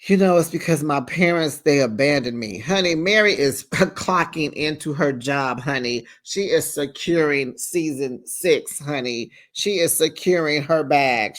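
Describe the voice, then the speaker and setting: A reality TV recap host giving casual, sassy commentary, chatty and lively, retelling scenes with plenty of "honey" asides. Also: medium pitch.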